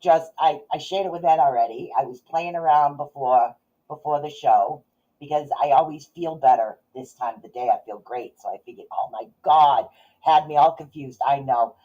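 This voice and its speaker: A woman's voice: low-pitched, moderate pace, dark tone. A middle-aged woman hosting a casual livestream, chatting in a rambling way and laughing often. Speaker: podcast host and psychic reader. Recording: dull lo-fi audio.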